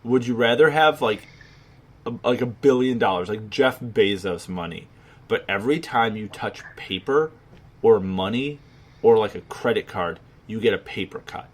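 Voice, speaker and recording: Speaking at a normal pace in a voice on the low side, a man co-hosts a podcast, rambling through casual conversation packed with fillers.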